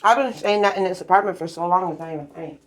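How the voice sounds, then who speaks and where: A woman's voice: lowish voice, very fast, poor audio. Agitated woman ranting at home. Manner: agitated, profane, rambling. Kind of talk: rambling casual vlog rant. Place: home apartment, cooking.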